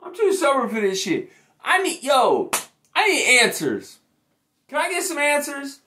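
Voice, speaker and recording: A man's voice: very high voice, huge pitch swings, a little slow, bright, forceful tone, slight background noise. A young man who is a sports YouTuber, mocking and gloating through a profane rant with heavy swearing. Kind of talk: profane ranting sports vlog.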